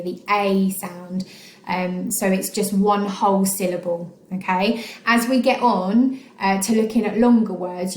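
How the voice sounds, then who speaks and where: An English woman teaches a recorded children's lesson in a patient, encouraging way, dotted with ums and okays. Her voice sits at a middle pitch. The room around her is echoey. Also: a little mellow. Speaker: primary school teacher. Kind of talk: recorded online phonics lesson.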